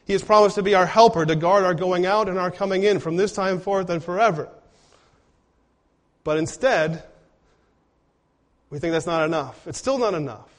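Man, pastor, sermon, earnest, rhetorical questions, slightly high pitch.

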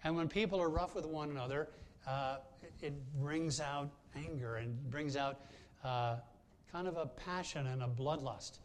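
Higher-voiced male pastor preaching conversationally. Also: unhurried, slight background noise. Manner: conversational storytelling with frequent hesitations. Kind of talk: sermon.

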